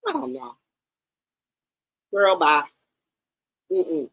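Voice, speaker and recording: A woman's voice: fairly low pitch, lively intonation, normal speed, pauses often, a bit bright, dry recording, rough recording. A woman in her fifties giving blunt, emphatic livestream commentary and often repeating her words. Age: 50s. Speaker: livestream host.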